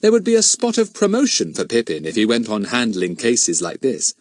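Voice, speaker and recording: A man narrating a children's storybook as an audiobook, expressive and measured. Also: mid-range voice, no room sound, clean studio sound.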